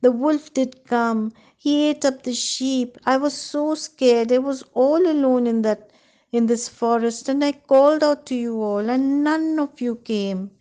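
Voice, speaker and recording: A woman voicing a mischievous little shepherd boy who cries out in a high, shrill voice. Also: unhurried, dark tone. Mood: upset.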